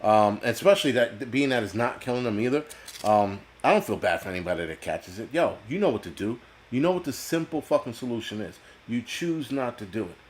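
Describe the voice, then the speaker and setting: A man's voice: medium pitch, animated, fairly quick, a little hiss or hum. A man hosting a live stream, ranting casually and bluntly with a lot of swearing and reading out viewer comments. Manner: profane, blunt, reads chat aloud. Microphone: computer mic on a video call.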